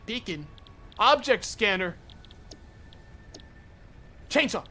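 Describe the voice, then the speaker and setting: A young man streaming a game live, talking to his chat, excitable and swearing often. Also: sits high, moderate pace.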